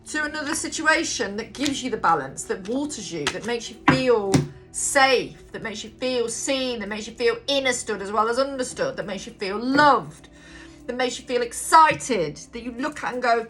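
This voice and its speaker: A woman's voice: fairly high pitch, lively intonation, normal speed, fairly bright tone. A woman giving a casual tarot reading, talking bluntly, swearing freely and rambling on. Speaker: tarot reader. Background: background music.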